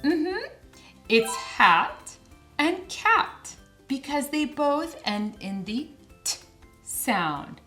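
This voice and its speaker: A woman teaching young children phonics in a slow, clear, sing-song way, stretching each word out. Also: faint music behind. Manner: sing-song, stretches words slowly with lively pitch.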